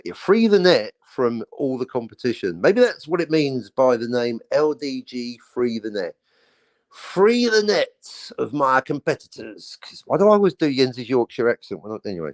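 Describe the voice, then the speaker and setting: A podcast co-host with a mid-range voice and no echo fills time with playful banter. His delivery is lively and jokey, a casual chat that drifts into a joking monologue.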